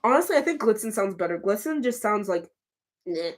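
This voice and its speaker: A woman livestreaming, answering her chat in a casual, chatty way with quick flustered restarts. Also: mid-range voice, animated.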